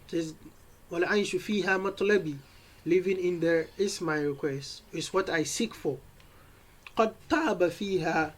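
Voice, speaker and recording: A man's slightly high, somewhat mellow voice comes through a rough recording. Teaching an Arabic lesson, he slowly reads lines of a poem, then explains each word in English, restarting frequently.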